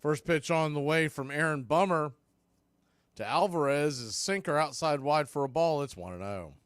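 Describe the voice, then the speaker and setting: Clear-voiced man calling baseball play-by-play. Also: on the high side, dry recording, studio quality. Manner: excitable calls, conversational asides. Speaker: play-by-play announcer.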